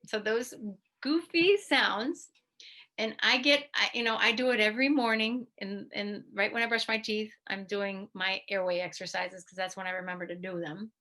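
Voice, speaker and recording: Bright-voiced woman teaching mouth exercises. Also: mid-range voice, normal speed. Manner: lively, demonstrates goofy mouth sounds. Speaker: physical therapist presenter. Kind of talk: instructional talk demonstrating exercises. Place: video presentation to a study club.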